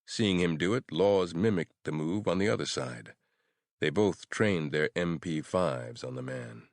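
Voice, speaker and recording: A man narrating a horror audiobook in a measured, even storytelling manner. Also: very deep voice, no room sound, studio quality.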